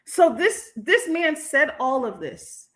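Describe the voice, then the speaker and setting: A woman's voice: high voice, very animated, slow, a bit bright. A woman hosting a livestream commentary, talking bluntly and heatedly to her chat, with frequent profanity. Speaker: host.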